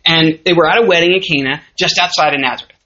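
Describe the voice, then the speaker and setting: A woman's voice: low-pitched, quick pace. A woman with a Southern US accent giving a conversational sermon, often asking her listeners questions. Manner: lively, conversational, asks the audience questions. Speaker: teacher of a church class. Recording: muffled lo-fi recording.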